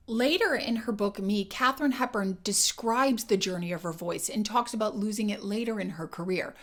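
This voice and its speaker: Measured woman voice coach narrating. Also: mid-range voice, fairly bright tone. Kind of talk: scripted educational narration.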